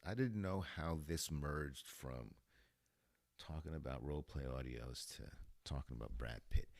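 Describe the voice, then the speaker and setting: A man's voice: a bass voice, a little slow, gravelly, no echo. A man hosting a podcast in a casual, rambling monologue, laughing often. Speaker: podcast host.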